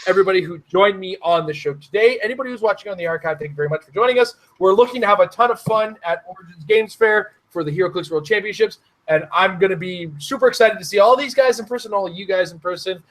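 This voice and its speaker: A man with a high-set voice hosts a casual live-streamed round table about a tabletop game. He jokes around and laughs often between remarks. He keeps the talk loose as he thanks everyone on the stream. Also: quick pace, hardly any pauses, a bit bright.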